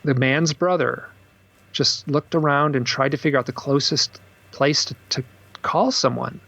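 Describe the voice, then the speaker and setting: Guesting on a podcast as an author, a man with a gravelly, husky voice spins animated stories at a measured pace. When he quotes people, his pitch jumps up in bursts. The audio is dull and a little lo-fi.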